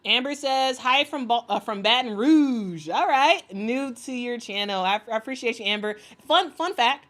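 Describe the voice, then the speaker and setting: A woman's voice: fairly high pitch, animated, moderate pace, fairly bright tone. A woman hosting a casual sports livestream, reading chat aloud, rambling with many fillers and restarts, and often laughing with enthusiasm. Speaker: sports commentary host reading live chat.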